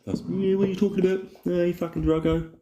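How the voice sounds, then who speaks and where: A man voicing an exaggerated, loud Australian bloke who greets people boisterously and swears. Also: high voice, little pitch movement, fast talker, pitched above the performer's own voice, natural voice. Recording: roomy echoey room.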